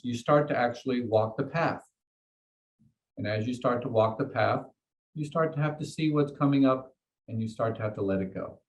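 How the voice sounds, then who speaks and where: A man's voice: mid-range voice, moderate pace, long pauses, low-quality recording. A man leading a meditation class, explaining ideas to his students in a conversational way and often checking in with "okay?" and "right?". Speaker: meditation teacher.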